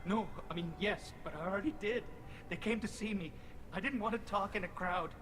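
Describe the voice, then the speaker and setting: A man's voice: high-pitched, a little fast, close to an everyday voice. Actor voicing a nervous young alien man. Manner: hesitant, stumbling.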